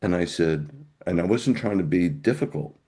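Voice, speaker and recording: A man's voice: sits low, expressive, moderate pace, dark tone, slightly rough. A middle-aged man, a rabbi, telling a personal testimony as an interview guest in a conversational storytelling way with wry humor.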